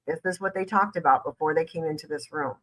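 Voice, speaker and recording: A woman's voice: low-pitched, quick pace, a bit bright, rough recording. A woman lawyer hosting a reaction video, breaking down an interview point by point. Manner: analytical, emphatic. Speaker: lawyer, host.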